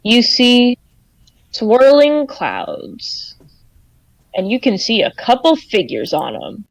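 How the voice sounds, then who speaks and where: Woman, game master, casual drawn-out narration, slightly high pitch, dry close mic. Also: wildly swooping pitch, no room sound, rough recording. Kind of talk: narrating a tabletop game over voice chat.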